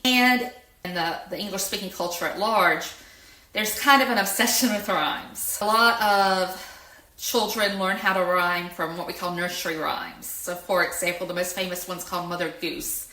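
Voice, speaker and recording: A middle-aged woman explaining reading skills in a lesson, slow and clear, and she stresses each example word. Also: fairly low pitch, sharp tone. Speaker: educator. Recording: echoey room.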